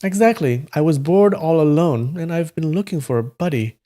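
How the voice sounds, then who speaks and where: Guy doing a bratty beggar kid, high and sassy, haughty. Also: normal speed, natural voice. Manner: teasing, lively. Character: cheeky ragged young beggar boy.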